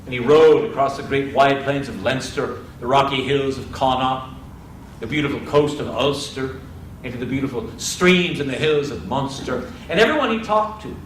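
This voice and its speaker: A man's voice: mid-range voice, moderate pace, a little hiss or hum. A man telling a legend live to an audience, dramatic and addressing listeners directly. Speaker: storyteller. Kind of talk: live oral storytelling. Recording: roomy, distant live mic.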